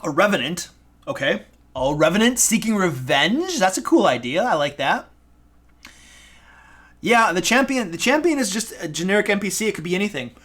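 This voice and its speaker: A man from Michigan with a Michigan accent, hosting a casual live stream as a dungeon master, excitable, goofy and self-deprecating. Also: high-pitched, normal speed. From Michigan, USA. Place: home room.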